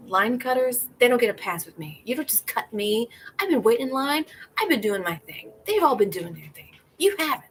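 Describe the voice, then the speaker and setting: A woman's voice: fairly high pitch, sing-song, fairly quick, a bit bright, a little hiss or hum. A woman hosting a casual livestream outdoors, chatting in a rambling way and laughing often. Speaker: livestream host.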